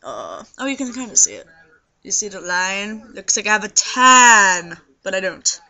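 A young trans man with a high voice and a scratchy throat, rambling tiredly to the camera in a casual video diary. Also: sing-song, moderate pace, vocal fry, pushed and bright. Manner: rambling, tired, many fillers. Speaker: video blogger. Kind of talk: casual vlog monologue.

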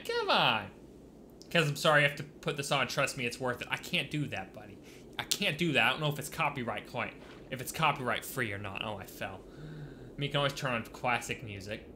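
A man giving casual let's-play commentary as a gaming YouTuber, excitable and swinging from quiet mutters to loud bursts. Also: mid-range voice, a little hiss or hum.

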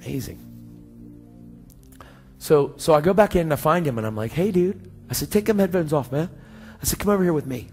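A man preaching a sermon, telling a story in a slangy, animated way and acting out both sides of the conversation. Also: fairly high pitch, a little fast, pauses often. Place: church sanctuary. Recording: church hall reverb with faint music.

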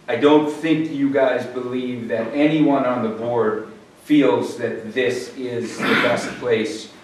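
Halting man on a distant echoey mic. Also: medium pitch. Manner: measured, halting, many restarts. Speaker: zoning board member. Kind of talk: public hearing discussion. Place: town meeting room. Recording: echoey room from far off, faint hiss.

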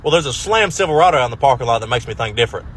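A man's voice: medium pitch, animated, rapid-fire, a bit bright, husky. A man in a comedy sketch playing an officer and coworker, blunt and full of questions.

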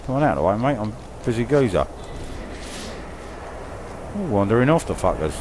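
A man's voice: lowish voice, very animated, a little fast, background noise. A man with a London accent giving crude, jokey commentary while playing a video game. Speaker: gamer. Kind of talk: casual gameplay commentary.

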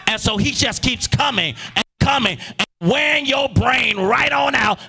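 Man, pastor, sermon, high pitched, bright, call-and-response, shouting bursts. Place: church sanctuary.

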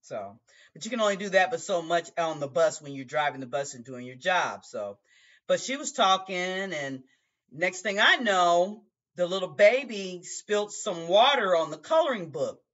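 Emotional bus driver, halting delivery, higher male voice, dull lo-fi recording. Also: very animated, a bit bright. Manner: emotional, halting, many restarts. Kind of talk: personal storytelling monologue. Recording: dull lo-fi sound.

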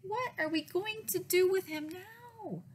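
A woman's voice: medium pitch, huge pitch swings, unhurried, a bit bright, slight background noise, heavily acted. A woman voicing a worried, exasperated mother in a picture book read-aloud. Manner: exasperated exclaiming.

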